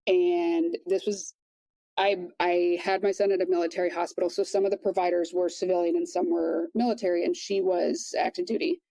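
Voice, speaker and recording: Woman guest, soft-spoken storyteller, lowish warm voice, dry close sound. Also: steady tone, creaky, no echo, poor audio. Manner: quiet, measured retelling with many restarts. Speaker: podcast guest. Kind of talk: personal storytelling in conversation.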